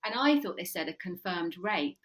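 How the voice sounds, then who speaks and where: In a conversational podcast interview, a woman in her forties, a psychotherapist who used to be a police officer, tells animated stories, saying "um" often and laughing plenty. Her voice is on the low side at normal speed, and the audio is poor.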